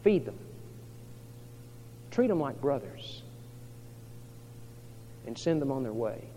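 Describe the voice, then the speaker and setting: A man preaching a sermon voices a calm, steady old male prophet. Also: mid-range voice, slow pace, slight background noise. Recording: reverberant hall, dull lo-fi sound.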